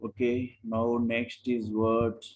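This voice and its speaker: Man, online coding teacher, slow pace, rhetorical questions. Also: medium pitch, completely flat delivery, a little mellow, rough recording. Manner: explains in short steps, asks rhetorical questions. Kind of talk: live online class. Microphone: video call.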